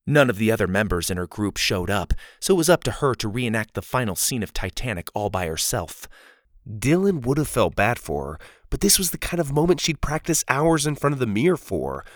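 A man narrating a children's adventure story in an expressive, storytelling manner. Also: medium pitch, a little fast, no room sound, clean studio sound. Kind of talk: audiobook narration.

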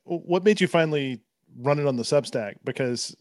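A man's voice: on the high side, lively intonation, fairly quick, darkish tone, no echo, clean studio sound. A man hosting a casual interview, asking thoughtful, winding questions. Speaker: host.

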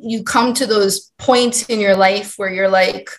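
A woman's voice: medium pitch, steady tone, measured pace. Earnest woman telling a heartfelt story. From Hawaii. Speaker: podcast guest. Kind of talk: personal storytelling in a conversation.

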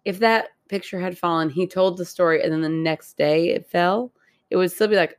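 A woman co-hosting a podcast in casual chat, playful and teasing, quick to laugh and gasp at the story. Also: lowish voice. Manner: playful, reacts with laughs and gasps, teases her co-host. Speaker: podcast co-host.

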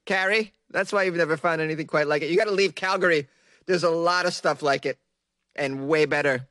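A man's voice: fairly high pitch, a little fast, bright, forceful tone, dry recording. A man from Boston hosting a comedy news segment, teasing and sarcastic and laughing often. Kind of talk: mocking comic commentary on weird news.

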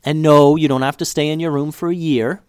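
A man voicing a firm but loving mother who calmly lectures her daughter. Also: a little high, brisk, clean tone, no echo, studio quality, pitched above the performer's own voice, lightly acted. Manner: calm and lecturing.

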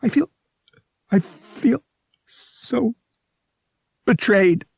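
A man voicing a shaken young woman who is close to tears, speaking in a high, trembling voice. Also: lively intonation, measured pace, vocal fry, mellow, breathy edge, dry recording, full character voice. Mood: distraught. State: crying.

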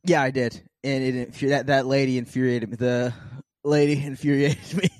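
A young man co-hosting a comedy podcast, excitable and giggly, leaning on "dude" a lot. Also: mid-range voice, normal speed, no echo, clean studio sound. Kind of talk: casual podcast chat.

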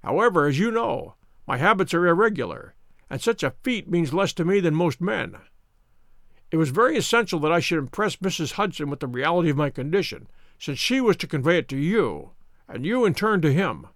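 A man voicing a brilliant, wry male detective who explains in a brisk, ironic, lecturing way. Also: fairly high pitch, very animated, fairly bright tone, no echo, studio quality. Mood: explaining.

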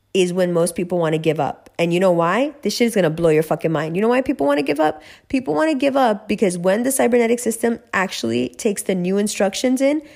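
A woman's voice: on the high side, darkish tone. A woman giving a motivational rant as a spiritual reader and coach, blunt and profane, repeating herself for emphasis.

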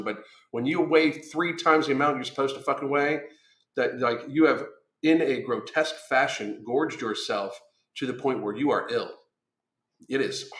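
A man's voice: medium pitch, pushed and bright, echoey room. A man who is a weight-loss coach, delivering a blunt, combative monologue full of swearing. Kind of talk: profane ranting monologue.

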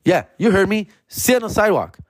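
A man's voice: high-pitched, very animated, fairly quick, dry recording, clean studio sound, voice pushed up. A man voicing a pushy, easily offended male cop who stammers and barks orders. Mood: bossy. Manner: shouting, stammering, indignant.

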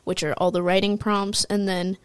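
A woman's voice: mid-range voice, little pitch movement, moderate pace, clear, resonant tone, dry recording. A teenage girl co-hosting a podcast, talking in a chatty, rambling way with lots of "like" and "um". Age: teens. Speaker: podcast co-host, high school student. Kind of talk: casual chat.

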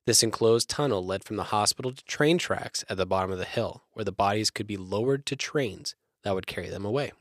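A young man on a podcast reads through his research steadily, pausing for jokes in put-on voices as the co-host. He has a lowish voice that is a bit bright, and the recording is dry.

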